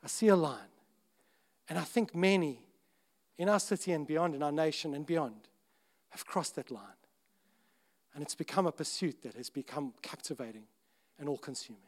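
A man preaching a sermon in an earnest, conversational way, breaking off to restart sentences and suddenly getting louder. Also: on the high side, normal speed. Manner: earnest, conversational, with self-interrupting restarts and sudden rises in volume. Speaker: pastor.

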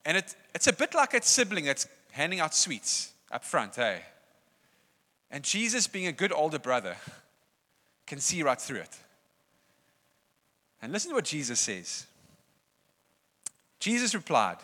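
A man preaching a sermon in a conversational, animated way, often laughing. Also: on the high side, a little slow, long pauses. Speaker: pastor. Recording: long reverb of a church hall.

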